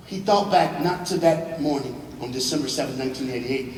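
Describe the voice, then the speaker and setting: A man speaking to students as a motivational speaker, telling a dramatic story. He swings from hushed to shouting and jokes with the crowd, in a large auditorium. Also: mid-range voice, fairly quick. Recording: echoey hall, far mic, faint noise.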